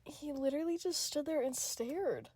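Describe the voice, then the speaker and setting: Another podcast co-host, also a young woman recording in a parked car, has a high, somewhat dark voice and speaks at a moderate pace. Her talk is casual, with giggling and easygoing profanity.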